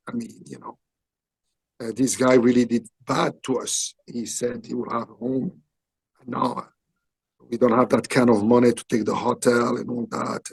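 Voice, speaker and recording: A man in his sixties from Belgium, speaking English with a French accent, animatedly telling a story in halting English and acting out what people said. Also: medium pitch, little pitch movement, creaky, a little mellow, breathy edge. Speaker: interview guest, actor. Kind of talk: storytelling interview.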